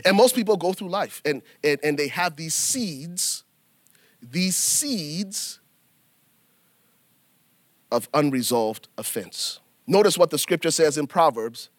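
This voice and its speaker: A man preaching a sermon in an animated, folksy way, turning to the congregation and acting out little scenes. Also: on the high side, unhurried, pauses often, no room sound, studio quality. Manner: animated preaching with acted asides; folksy, addresses congregation as y'all. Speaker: pastor.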